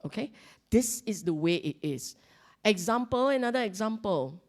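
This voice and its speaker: A woman's voice: medium pitch, animated, normal speed. A middle-aged woman with a Singaporean accent giving a Buddhist Dhamma talk to a congregation, emphatic and repeating her key points while she asks the listeners questions.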